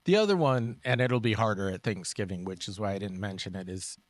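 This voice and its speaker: A man's voice: on the low side, fairly quick, no echo. A man co-hosting a casual podcast, chatting loosely and giving practical tips. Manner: relaxed, gives practical tips. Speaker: podcast co-host, martial arts instructor. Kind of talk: casual chat.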